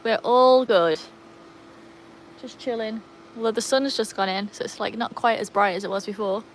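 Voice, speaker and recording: A woman from England with a voice on the high side runs a casual outdoor livestream by a pool in sunshine, greeting viewers by name as she chats and cooing and calling to her dogs. She talks at normal speed, and the low-quality recording has slight background noise.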